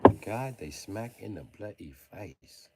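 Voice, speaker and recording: A man livestreaming, ranting in mocking tones with sudden shouted bursts and jokey mock British slang. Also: fairly low pitch, lively intonation, measured pace, slightly rough.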